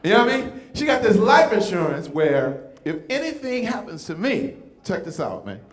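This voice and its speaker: A man performing stand-up with a high, lively voice that swoops up and down. He jokes as a comedian and pastor and keeps checking in with the crowd. The sound is echoey, as if from a big room. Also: moderate pace. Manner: animated, teasing the audience with repeated "right?".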